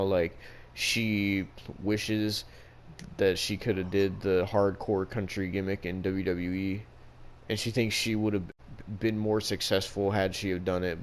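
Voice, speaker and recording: Guy with a lowish voice on a podcast, swearing a lot while he rambles through a story. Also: little pitch movement, normal speed, a little hiss or hum. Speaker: podcast co-host. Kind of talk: casual podcast chat.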